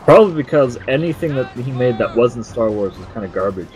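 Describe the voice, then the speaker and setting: A man's voice: mid-range voice, animated, a little fast, darkish tone, soft background music, low-quality recording. A man in casual gaming chat, making wry, laid-back remarks.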